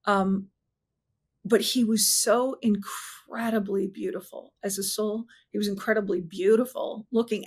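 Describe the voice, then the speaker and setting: A woman in an interview, telling a personal story earnestly and haltingly, often restarting her sentences and slowing down at emotional points. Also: medium pitch, slightly rough. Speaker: interview guest.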